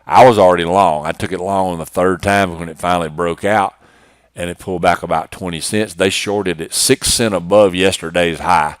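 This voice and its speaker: Low, smooth-voiced man explaining charts. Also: fairly even intonation, normal speed, no echo, studio quality. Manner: plainspoken, matter-of-fact, restarts phrases. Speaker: trading instructor. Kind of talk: screen-share tutorial walkthrough.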